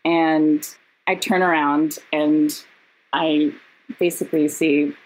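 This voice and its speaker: A woman, a podcast guest and actress, telling stories in casual chat, animated and laughing, with quick asides. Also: low voice, rough recording. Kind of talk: casual storytelling.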